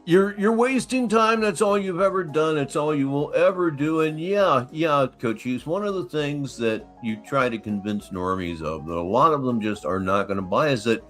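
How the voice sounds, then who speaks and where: A man's voice, a little high and very lively in pitch, mocks and jabs at the clip he is reacting to. He delivers blunt, sarcastic commentary as host of the stream. Music hums faintly underneath. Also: normal speed, hardly any pauses.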